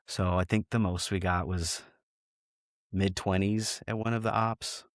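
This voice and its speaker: A man's voice: deep voice, fairly even intonation, unhurried, no echo, clean studio sound. A middle-aged man, a retired state trooper, telling stories from his cases in a frank way, often restarting his sentences. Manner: frank, many restarts, quotes dialogue. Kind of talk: storytelling in a podcast interview.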